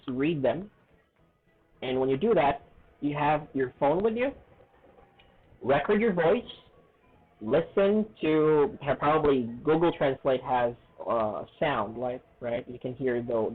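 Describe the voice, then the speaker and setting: Man, casual English lesson, slow deliberate emphasis, frequent check-ins, narrow lo-fi audio. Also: mid-range voice, breathy edge. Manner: earnest, checks in often with "okay?" and "right?"; stresses words slowly and deliberately. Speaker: English teacher. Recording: tinny phone-like audio.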